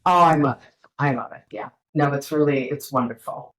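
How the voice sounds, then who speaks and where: Middle-aged woman guest, deep-toned, chatty and rambling; dry, close recording. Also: moderate pace, no echo, rough recording. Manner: rambling, animated storytelling with fillers. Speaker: filmmaker guest. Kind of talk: casual interview chat.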